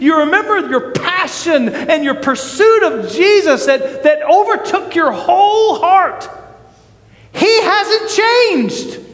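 Male pastor with a very high voice and a slow, deliberate delivery, preaching with urgent, impassioned emphasis. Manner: impassioned preaching, shouting at peaks and dropping low. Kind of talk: sermon. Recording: echoey hall reverb.

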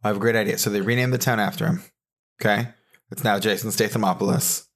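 A man with a somewhat low voice hosts a comedy podcast. He asks dry, quizzical questions and recaps the joke with deadpan timing in casual banter. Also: fast. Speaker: podcast host.

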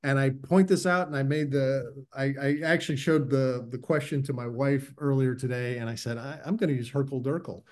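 A man's voice: medium pitch, fairly even intonation, normal speed, few pauses, darkish tone. A man from the United States, a writer guest on a podcast, telling stories in a rambling, chuckling way. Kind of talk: casual podcast interview.

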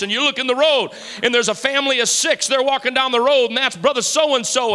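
A man's voice: very high-pitched, steady tone, fairly quick, few pauses, clear, resonant tone. A pastor preaching a fervent sermon to his church. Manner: fervent preaching, rising to shouts. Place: church sanctuary. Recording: hall reverb.

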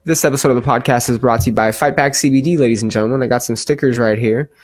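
A man's voice: mid-range voice, rapid-fire, dry recording. A young adult man hosting a podcast, chatting casually and reading a sponsor spot in a rambling, joking, profane way. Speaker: podcast host.

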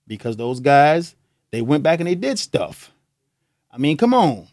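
A man's voice: on the high side, big pitch swings, unhurried, a little mellow, no room sound, studio quality. A young man hosting a podcast, talking in a loose, joking monologue and laughing often. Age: young adult. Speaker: podcast host. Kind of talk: casual monologue.

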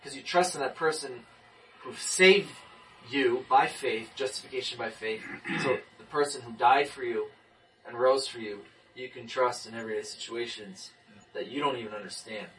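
A man in his twenties tells his story in a group, animated, often repeating and restarting his words. His voice is bright and clear. It is caught from some distance away by the mic. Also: medium pitch, normal speed. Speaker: person giving a testimony. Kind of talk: casual testimony in a group talk.

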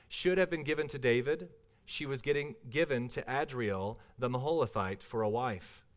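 Man, pastor, scripture reading, sermon, measured delivery, mid pitch.

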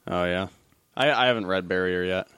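A man's voice: deep voice, a little fast, fairly bright tone, smooth, no echo, clean studio sound. A man hosting a casual podcast chat, rambling with restarts and swearing freely.

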